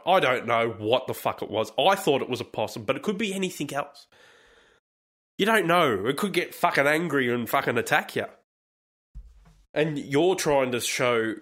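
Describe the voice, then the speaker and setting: A man's voice: medium pitch, a bit bright. An Australian man hosting a comedic podcast, ranting in a sweary, sarcastic and rambling way. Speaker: podcast host.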